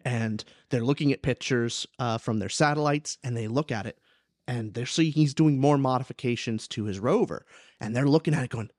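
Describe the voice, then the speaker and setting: A man's voice: mid-range voice, moderate pace, no echo, studio quality. A young man hosting a podcast, chatting animatedly about a book and acting out voices as he talks. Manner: animated, acts out quoted characters. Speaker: podcast host. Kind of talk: casual book discussion.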